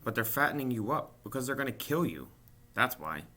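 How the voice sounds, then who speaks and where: Man doing a weary old sheep lady, blunt and matter-of-fact, kinda lively pitch. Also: fairly quick.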